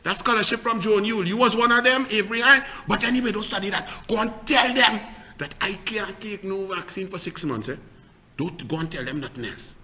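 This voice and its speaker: A man with a Trinidadian accent hosting a political talk show, ranting and taunting in a loud, shouting style. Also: high voice, a little fast, slight background noise. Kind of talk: heated political commentary.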